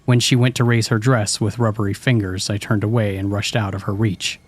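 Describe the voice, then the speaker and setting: A man narrating a scripted horror story in a steady storytelling voice. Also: on the low side, a little fast, no room sound.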